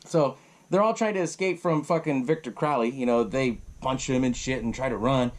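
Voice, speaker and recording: A young podcast host with a medium-pitched, slightly fast voice recaps a horror film casually. He rambles, swears, and acts out the characters' lines.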